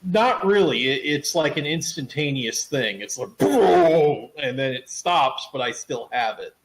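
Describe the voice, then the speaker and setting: A man's voice: medium pitch, normal speed, a bit bright, rough recording. A man playing a tabletop game, explaining his character's moves in a rambling, laughing way. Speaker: player. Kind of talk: casual tabletop play.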